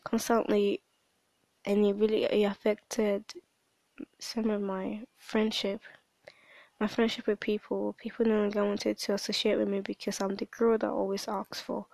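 A young woman recording a reflective voice diary at home on her phone, speaking softly and hesitantly with frequent restarts. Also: medium pitch, little pitch movement, gravelly, no room sound. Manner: soft-spoken, hesitant, halting with restarts. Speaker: personal audio diarist. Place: at home at night.

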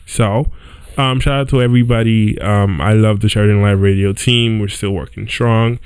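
A man's voice: on the low side, fairly even intonation, moderate pace, smooth, dry recording. A young man hosting a podcast, telling a story in a loose, chatty way, often checking in with "right?" and "yo". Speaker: podcast host. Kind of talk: casual storytelling monologue. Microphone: home setup with squeaky chair.

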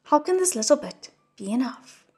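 A woman voicing a gruff, greedy old male scam cultivator in a storybook reading, quarrelsome and scornful. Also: high voice, big pitch swings, normal speed, warm tone, soft background music, voice pushed up.

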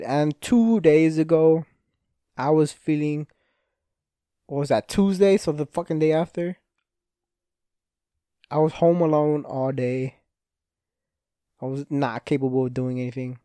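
A man's voice: a little high, mellow, dry recording. A young man hosting a solo podcast, rambling and swearing freely, often cutting himself off mid-thought. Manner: rambling, frequent swearing, self-interrupting. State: injured hand, restless. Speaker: podcast host. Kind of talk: casual solo podcast monologue.

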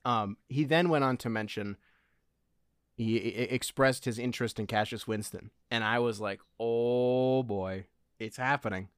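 A man co-hosting a podcast in casual sports chat, animated, with quick asides. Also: lowish voice, no echo. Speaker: podcast co-host.

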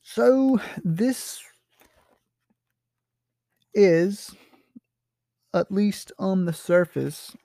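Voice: mid-range voice, lively intonation, very slow, gravelly, long pauses, mellow, no room sound, clean studio sound. A teacher explaining a short story in a casual, hesitant way, with many fillers and checks for understanding. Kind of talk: literature lesson, explaining a story.

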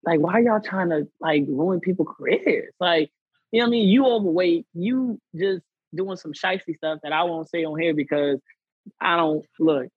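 Guy on a podcast telling his story, kinda husky, slangy, acts out the other people, tinny phone-like sound. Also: on the high side, moderate pace, no room sound. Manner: animated, acts out quoted people; conversational American slang. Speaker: podcast guest. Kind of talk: storytelling in a casual interview.

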